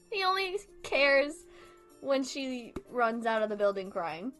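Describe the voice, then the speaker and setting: A woman's voice: sits high, sing-song, slow pace, fairly bright tone, faint music behind. A young woman in casual chat, ranting about a film in an exasperated way, swearing often and laughing as she goes. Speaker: video creator. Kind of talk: casual chat, movie rant.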